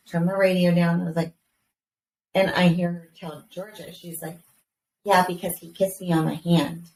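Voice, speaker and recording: A woman in her thirties with a slightly low voice tells a story in a lively way, swearing now and then and acting out her kids' lines. She sits away from the mic in an echoey room with faint hiss in the background. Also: distant mic. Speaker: podcast co-host. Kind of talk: casual chat, storytelling.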